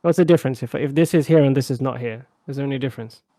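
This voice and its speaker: A man's voice: mid-range voice, racing, mellow, no room sound. Chatty male language teacher, dry sound. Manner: chatty, checks understanding often. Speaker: Arabic teacher. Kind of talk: casual live online class.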